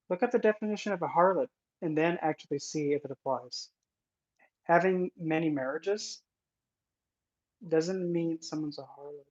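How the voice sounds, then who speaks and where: An occult content creator giving casual vlog commentary in an indignant, sarcastic manner. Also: medium pitch. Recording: dull lo-fi recording.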